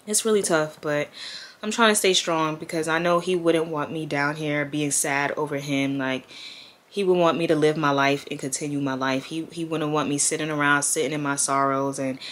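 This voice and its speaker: A woman's voice: low voice, fairly even intonation, moderate pace, fairly bright tone. A woman in her twenties from Queens, New York, with a New York accent, talking to camera candidly and slangily as she grieves. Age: 20s. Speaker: vlogger. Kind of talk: casual talk to camera. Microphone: camera mic.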